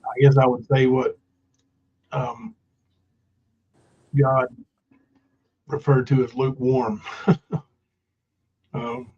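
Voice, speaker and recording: A man's voice: medium pitch, animated, very slow, pauses often. Man, livestream host, loose rambling delivery full of fillers, slightly muffled lo-fi sound. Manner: rambling, many fillers, reads viewer comments aloud. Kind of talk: casual livestream chat.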